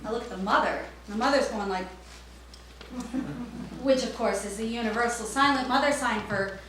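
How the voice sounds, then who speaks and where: A woman's voice: a little high, a little slow, long pauses. A woman performing a staged storytelling monologue, playing a store clerk and acting out every character. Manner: animated, acts out every character. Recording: echoey, distant, faint noise.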